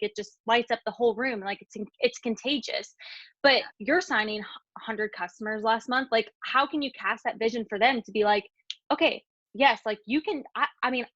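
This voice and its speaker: A woman's voice: on the high side, fairly bright tone, no echo. A woman on a video call asking a team leader a question, hesitant, with many restarts and fillers. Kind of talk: casual video call chat. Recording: dull, dry video call audio.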